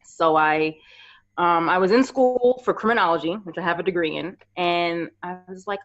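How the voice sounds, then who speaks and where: A woman in her thirties from New York, a podcast guest telling her career story in lively casual chat. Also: on the low side, normal speed. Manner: animated storyteller, acts out quoted voices. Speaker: podcast guest, makeup artist. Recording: slightly dull lo-fi audio.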